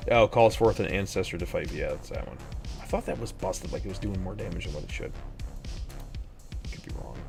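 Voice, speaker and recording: A man's voice: sits low, expressive, brisk, creaky, long pauses, over music. A young man telling rambling stories as he chats during a game stream, breaking into exasperated outbursts. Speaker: gaming streamer. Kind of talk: casual chat while gaming.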